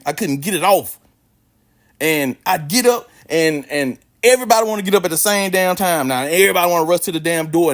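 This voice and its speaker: Man, casual storyteller, slangy and swearing, lively swooping voice, fairly high. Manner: animated, slangy, swears freely.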